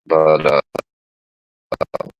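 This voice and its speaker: A man's voice: rumbling low, monotone, drawn-out words, clear, resonant tone, dry recording, lo-fi sound. A man hosting a casual livestream, rambling through personal stories with plenty of profanity. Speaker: livestream host.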